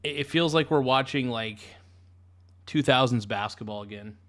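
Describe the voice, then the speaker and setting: A man live-streaming, chatting casually and giving an excitable, frustrated play-by-play with frequent swearing. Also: medium pitch, normal speed.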